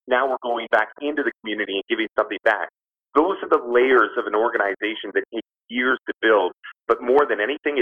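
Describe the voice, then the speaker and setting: A man's voice: fairly low pitch, slightly rough. A man who works as a baseball broadcaster, telling stories in an enthusiastic, chatty way in an interview, with a Canadian accent. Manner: enthusiastic, chatty, fond of sports talk. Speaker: baseball broadcaster and team communications director. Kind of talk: phone interview, casual storytelling. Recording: tinny phone line.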